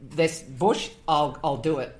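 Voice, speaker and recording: A woman voicing a huge, patient male horse who speaks slowly and reassuringly. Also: low voice, darkish tone, slight background noise, voice pushed down.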